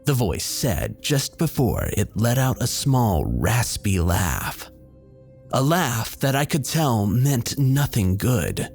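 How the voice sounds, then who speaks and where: A man telling a first-person horror story in a steady, measured way. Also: mid-range voice. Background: faint background music.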